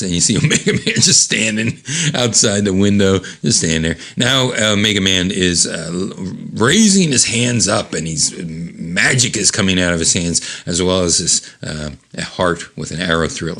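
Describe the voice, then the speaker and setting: Rambling low-voiced man reading comics aloud. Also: a bit bright. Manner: rambling, chuckling, many fillers. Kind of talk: casual rambling read-aloud commentary.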